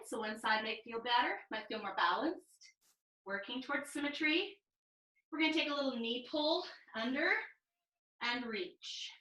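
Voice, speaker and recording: A woman teaching a live online mat pilates class, calmly cueing each move and breath over a video call. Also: on the high side, roomy sound, poor audio. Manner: calm step-by-step cueing with breath counts. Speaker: pilates instructor.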